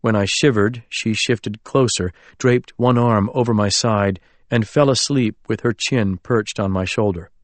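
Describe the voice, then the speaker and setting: A man reading a novel aloud as an audiobook narrator, in a measured, literary storytelling manner. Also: fairly low pitch, dry recording. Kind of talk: scripted narration.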